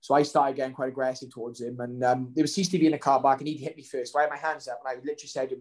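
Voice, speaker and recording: A man's voice: mid-range voice, steady tone, racing, hardly any pauses. A man, telling a story casually as an interview guest, rambling with many ums and restarts. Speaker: guest, professional fighter.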